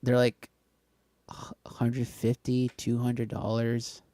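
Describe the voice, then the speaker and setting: A man co-hosting a casual podcast chat, joking and laughing often in quick bursts. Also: mid-range voice, completely flat delivery, warm tone, no echo. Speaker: podcast co-host.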